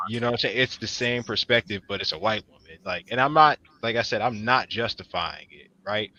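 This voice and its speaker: A man commenting casually on a news clip, emphatic and animated, often asking "you know what I'm saying". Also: lowish voice, a little fast, dry recording. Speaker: co-host. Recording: dull lo-fi sound.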